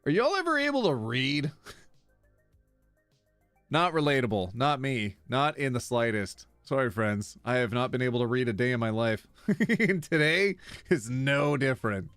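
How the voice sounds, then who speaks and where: A giggly male streamer reacts aloud as he reads posts to his live chat, his pitch swinging lively up and down. His voice is close and dry, with no room sound, and faint music plays behind him. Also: normal speed, clear, resonant tone, no echo. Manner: giggly and animated, reacts aloud and stumbles over words. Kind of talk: casual live-stream reading of online posts.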